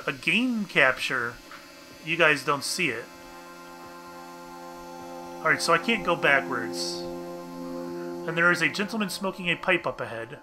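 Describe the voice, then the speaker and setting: Young male let's-player, chatty and bemused, somewhat higher voice, very bright tone, faint game music behind. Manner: chatty, addresses viewers, bemused asides. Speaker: let's play gamer. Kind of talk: casual game commentary, reading on-screen text aloud.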